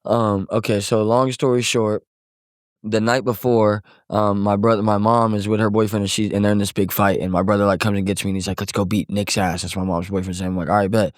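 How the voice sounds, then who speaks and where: A man's voice: lowish voice, little pitch movement, fairly quick, dry recording, studio quality. A young man from Missouri, a songwriter and musician, talking as a podcast guest in a loose, rambling way, leaning on "like" and "bro" and swearing often, subdued as he recounts a hard loss. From Missouri, USA. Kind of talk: casual conversation.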